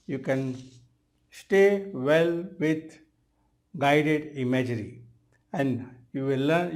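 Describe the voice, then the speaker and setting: A man in his sixties with an Indian English accent, a hypnotherapist making an earnest promotional pitch and often calling the listener his friend. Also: darkish tone. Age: 60s. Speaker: hypnotherapist and trainer.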